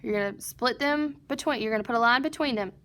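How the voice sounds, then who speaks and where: A woman's fairly high, fairly bright voice guides first graders through a recorded phonics lesson, slowly and patiently sounding out word parts as she asks and answers her own questions. A little hiss or hum can be heard.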